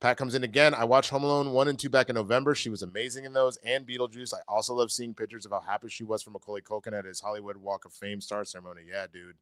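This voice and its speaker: A man's voice: medium pitch, fairly even intonation, fast, hardly any pauses, fairly bright tone, no room sound. A man hosting a casual show, reading viewer comments aloud in a laid-back way. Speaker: show host reading live chat. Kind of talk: casual chat.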